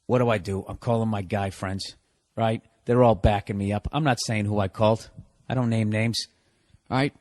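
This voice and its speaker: A man's voice: fairly low pitch, fairly even intonation, normal speed, darkish tone, dry recording. A man delivering a profane comedic rant, exasperated and full of swearing and rhetorical questions.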